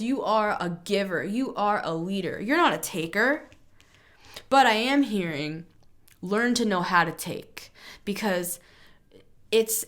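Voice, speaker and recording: A woman giving a casual spoken tarot reading in an earnest, reassuring way, musing aloud with many fillers and restarts. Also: fairly low pitch. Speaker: tarot reader.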